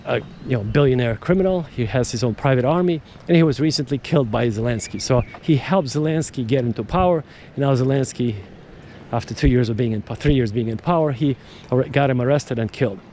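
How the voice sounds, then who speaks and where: A podcast host with a mellow, medium-pitched voice rambles casually and a little fast over slight background noise. He digresses, speaks emphatically, repeats words and restarts sentences.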